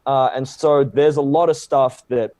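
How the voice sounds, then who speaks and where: A man with an Australian accent, a guest actor telling a story in casual chat, jumping into higher voices when he quotes people. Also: a little slow, dry recording. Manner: animated, acts out quotes in a higher voice.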